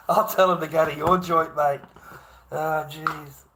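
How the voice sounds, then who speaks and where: A man's voice: fairly high pitch, flat delivery, takes it slowly, a bit bright. An Australian man hosting a livestream, rambling and chatting to viewers, swearing freely, laughing often and calling everyone mate. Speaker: livestream host. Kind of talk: rambling live-stream chat.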